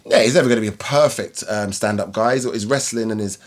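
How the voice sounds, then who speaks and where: A man's voice: on the low side, fast. A man giving a casual, rambling fight review, full of ums and restarts. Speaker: MMA vlogger.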